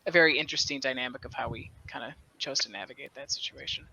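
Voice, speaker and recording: A man's voice: mid-range voice, fast, creaky, noisy background. A man, a guest on a video call, hesitantly recounting a moment from his tabletop game. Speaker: guest, D&D player. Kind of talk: casual storytelling on a video call.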